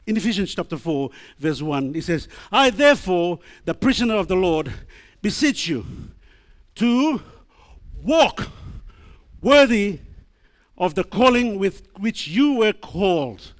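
A man's voice: sits high, sing-song, a little slow. A man preaching a sermon in an emphatic, call-and-response style, quoting scripture and repeating hallelujahs. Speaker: pastor.

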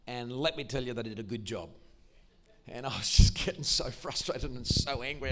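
Heavy background noise accompanies this testimony sermon in church by an older Australian man, a Christian musician and speaker. His voice is medium in pitch and brisk as he tells his story with enthusiasm.

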